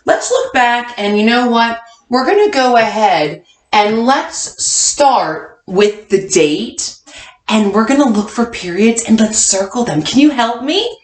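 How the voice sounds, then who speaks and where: A woman teaching a kindergarten class online, coaxing answers with slow, sing-song hints. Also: on the high side, animated. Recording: echoey room.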